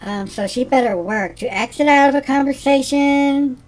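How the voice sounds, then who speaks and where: A male comedy character host plays Janis Simpleton, a ditzy, self-absorbed middle-aged woman teacher, in a scripted monologue. He uses a very high voice at a moderate pace, sounding airy, rambling, scatterbrained and giggly, with faint music behind.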